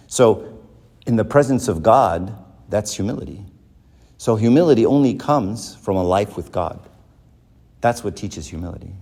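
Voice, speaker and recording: A man, a professor teaching a church class, lecturing in an animated way and checking in with his listeners often. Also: on the low side, gravelly, slightly rough. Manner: animated, keeps checking in with "right?". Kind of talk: lecture with rhetorical questions.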